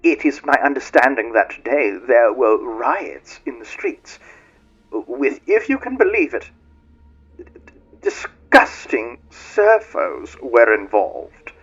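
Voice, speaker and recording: A man's voice: mid-range voice, sing-song, slow, a bit bright, husky, pitched above the performer's own voice, full character voice. A man voicing a pompous, menacing male rat lord broadcasting a decree over tinny, muffled speaker pipes.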